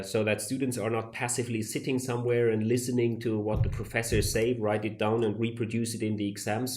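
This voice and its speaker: A man with a fairly low voice gives academic answers in an interview. He speaks deliberately and stops often to find the right phrase, like a professor weighing each point. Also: darkish tone. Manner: measured, deliberate, searching for words.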